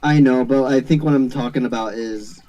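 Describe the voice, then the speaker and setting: A man's voice: mid-range voice, moderate pace, warm tone, low-quality recording. A man chatting casually on a stream, rambling and laughing often. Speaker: stream co-host. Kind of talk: casual chat.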